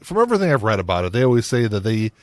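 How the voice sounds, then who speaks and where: A man's voice: lowish voice, big pitch swings, racing. A man co-hosting a podcast in casual chat, rambling and laughing often. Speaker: podcast co-host.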